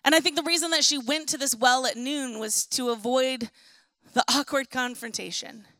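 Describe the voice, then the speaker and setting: A young woman preaching a sermon in a relaxed, conversational way, acting out the people in the story as she goes. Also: high-pitched, moderate pace, no room sound. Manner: conversational and animated, acting out Bible figures. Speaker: pastor.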